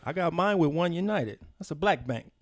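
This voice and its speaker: A man chatting on a podcast, trading laid-back jokes and quick comebacks. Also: on the high side, expressive, dry recording, clean studio sound. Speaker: podcast guest. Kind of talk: casual chat.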